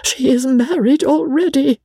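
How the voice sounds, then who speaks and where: A woman voicing a timid, flustered female companion who speaks in high, gasping, fluttery tones. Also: expressive, measured pace, creaky, mellow, husky, no room sound, studio quality, full character voice. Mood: anxious.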